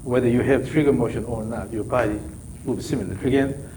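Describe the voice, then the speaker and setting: A man's voice: mid-range voice, fairly even intonation, fast talker, mellow, a little hiss or hum, low-quality recording. A man whose first language is Korean, coaching a golf student with short, repeated instructions. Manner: short repeated instructions, non-native phrasing. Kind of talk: coaching a student during practice.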